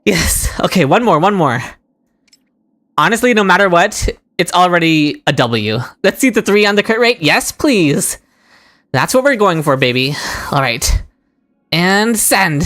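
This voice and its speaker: A woman's voice: on the low side, big pitch swings, measured pace, fairly bright tone. A woman streaming a game live, chatting with viewers and shrieking with delight at lucky rolls. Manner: chats with viewers in chat. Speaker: gaming streamer. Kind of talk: live-stream gaming commentary. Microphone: desk microphone.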